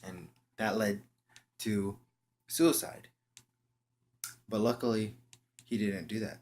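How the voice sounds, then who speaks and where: A young man telling a story in a casual, slangy way, halting often and restarting his sentences. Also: on the low side, steady tone, a little mellow. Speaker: vlogger.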